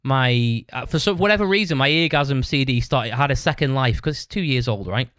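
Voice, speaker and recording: A man's voice: medium pitch, animated, a little fast, a bit bright, clear, resonant tone, no echo. Sweary, rambling man telling a story. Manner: rambling, swears constantly, tags lines with "right?". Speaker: podcast host. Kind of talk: casual storytelling monologue.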